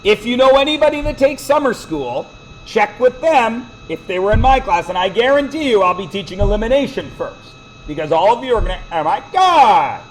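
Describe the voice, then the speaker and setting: A man teaching a math class, quizzing the students with quick questions and cracking jokes. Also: high-pitched, lively intonation, a little hiss or hum, low-quality recording. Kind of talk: classroom lecture.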